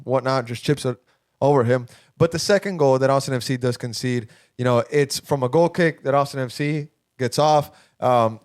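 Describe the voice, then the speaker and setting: A man's voice: mid-range voice, smooth, no echo, clean studio sound. A man hosting a sports podcast in casual chat, breaking down plays and pushing back on bad takes. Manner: chatty, animated, argumentative. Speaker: podcast host.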